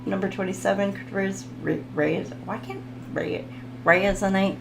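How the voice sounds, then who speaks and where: A woman's voice: mid-range voice, steady tone, a little slow, gravelly, roomy sound, background noise. A woman giving a casual tarot reading, rambling, giggling and reading card text aloud. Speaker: tarot reader.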